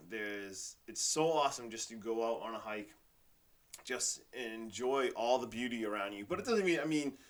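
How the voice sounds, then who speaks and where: A man's voice: lowish voice, a bit bright. Enthusiastic rambling male podcast host. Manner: rambling, filler-heavy, enthusiastic; says "like" and "literally" often. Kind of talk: casual motivational monologue.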